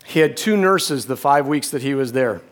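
A middle-aged man preaching a sermon, telling a personal story with halting restarts and dropping to a hush. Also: mid-range voice, animated.

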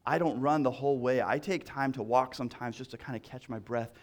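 A man's voice: medium pitch, fairly quick. A male pastor preaching a sermon in a conversational way, repeating key lines and restarting phrases as he talks.

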